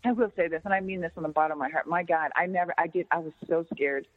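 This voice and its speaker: A woman telling a story in casual chat, animated and profane, often jumping into an excited high voice. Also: fast talker. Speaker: podcast guest. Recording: tinny phone-line sound with long reverb.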